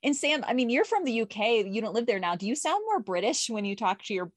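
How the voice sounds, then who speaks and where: A woman from the United States hosting a podcast, talking casually and energetically, a self-described loud extrovert. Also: a little high, big pitch swings, quick pace, no room sound. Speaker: podcast host. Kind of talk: casual podcast chat, teaching pitching.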